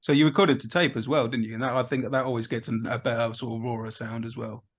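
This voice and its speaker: A man's voice: medium pitch, fairly even intonation, fast. Male podcast host, friendly, casual interviewer. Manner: friendly, chatty, says "mate".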